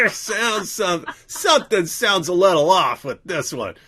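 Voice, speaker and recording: A man's voice: high-pitched, big pitch swings, unhurried, sharp tone, breathy edge. A man co-hosting a commentary show, sarcastic and laughing often. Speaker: co-host. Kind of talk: mocking commentary.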